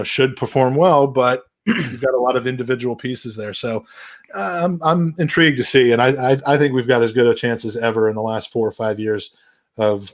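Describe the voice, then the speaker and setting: A man hosting a casual football podcast, rambling with many restarts and dry, wry humor. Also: medium pitch. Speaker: podcast host.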